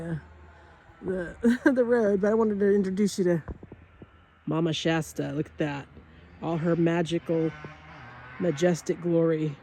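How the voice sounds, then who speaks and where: A woman's voice: fairly low pitch, warm tone, low-quality recording. A woman chatting casually while walking outdoors, bubbly and laughing often, with many fillers and restarts. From Northern California. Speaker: vlogger. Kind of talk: walking nature vlog. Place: outdoors, rural property. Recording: faint outdoor background noise.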